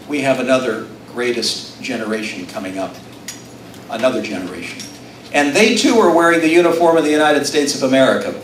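A man's voice: mid-range voice, fairly bright tone, recorded from a distance, a little hiss or hum. A middle-aged man from Utah gives a rousing campaign speech to a live audience in an event room, mixing self-deprecating jokes with appeals. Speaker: political candidate. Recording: echoey room, recorded from afar.

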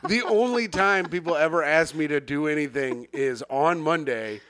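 A man's voice: a little high, moderate pace, fairly bright tone. A young man co-hosting a comedy podcast, teasing and laughing often in casual chat. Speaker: podcast co-host.

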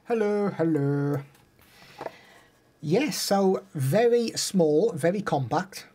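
Mellow, husky-voiced male streamer. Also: high-pitched, animated, takes it slowly. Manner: chatty, laughs easily, talks to chat. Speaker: streamer reviewing gear. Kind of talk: casual live-stream chat.

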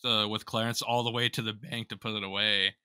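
A man in casual podcast chat, retelling a role-play story in a rambling, animated way with frequent laughs. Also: lowish voice, fairly quick, smooth, no echo, clean studio sound. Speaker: streamer and podcast guest.

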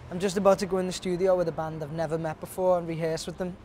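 A young man, an aspiring rapper, talking candidly and chattily to camera, nervous and excited. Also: high-pitched, very fast, music in the background, low-quality recording. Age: young adult. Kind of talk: casual documentary talk to camera.

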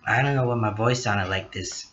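A man's voice: fairly low pitch, normal speed, fairly bright tone, lo-fi sound. A man who is sick, hosting his own channel and reading a story aloud, apologetic about how his voice sounds.

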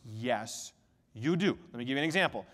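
A male pastor giving a sermon in a church, telling stories with lively swings between soft and loud. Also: medium pitch, in a large hall. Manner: animated storytelling, quick shifts between soft and loud. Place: church sanctuary.

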